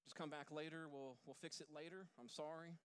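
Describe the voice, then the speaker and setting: A man's voice: a little high, steady tone, a little fast, fairly bright tone, clean tone. A man preaching a casual sermon in church, joking and talking straight to his congregation. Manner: jokey, talks directly to the congregation. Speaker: pastor.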